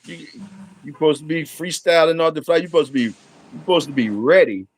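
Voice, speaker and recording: Speaking quickly in a voice on the high side, a middle-aged man hosts his channel's casual stream. His chat is full of swearing, laughing, and playful jabs at viewers.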